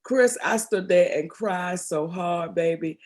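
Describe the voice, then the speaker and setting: A woman's voice: lowish voice, takes it slowly. A middle-aged woman from Baltimore, a comedian and actress, telling stories expressively in an interview. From Baltimore, Maryland. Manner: expressive, animated storyteller, calls people baby. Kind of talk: storytelling interview.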